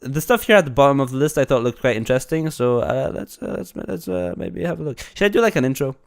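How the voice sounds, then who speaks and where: A streamer with a slight cold talks in a loose, rambling way, restarting sentences and laughing often. His voice is a man's, smooth and resonant. It sits mid-range in pitch. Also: big pitch swings, fast. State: a bit congested from a cold. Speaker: streamer reacting to videos. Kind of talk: casual live-stream commentary.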